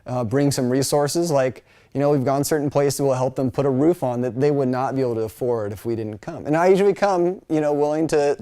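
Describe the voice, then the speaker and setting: A man's voice: mid-range voice, mellow. A middle-aged man from the United States giving a casual, chatty Bible college lecture. He fills his talk with asides and fillers and now and then mimics other people's voices.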